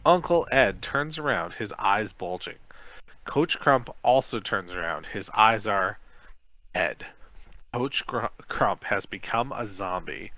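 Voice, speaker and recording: Low, bright-voiced man reading aloud. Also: expressive, slow pace, dry recording, low-quality recording. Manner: casual, stumbles over words while reading. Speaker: podcast co-host.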